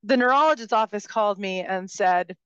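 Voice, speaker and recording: A woman's voice: mid-range voice, brisk, fairly bright tone, clean tone, dry recording, dull audio. A woman giving a personal storytelling talk, speaking in a passionate, vocal way. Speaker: speaker at a live talk event.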